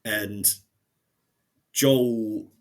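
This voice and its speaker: Guy on a podcast going over an episode, kinda low voice, lots of ums and restarts. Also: fairly even intonation, extremely slow. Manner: hesitant, with many fillers and restarts. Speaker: podcast co-host. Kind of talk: casual recap of a TV episode.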